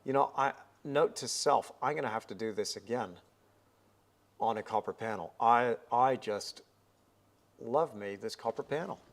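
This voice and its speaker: With an unhurried, medium-pitched voice, this man talks through his live painting stream in an upbeat way, musing aloud as he paints at the easel.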